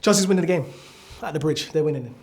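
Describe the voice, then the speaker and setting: A man's voice: fairly high pitch, rapid-fire, a little mellow. A man co-hosting a casual football chat, making confident, emphatic predictions. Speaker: podcast co-host. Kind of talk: casual banter among friends.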